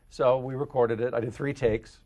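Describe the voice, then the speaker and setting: A middle-aged voice-over actor from the Kansas City area with a deep voice, telling stories in a casual interview and jumping into quoted voices. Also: male voice, moderate pace. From Kansas City area, United States. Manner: animated, jumps into quoted voices.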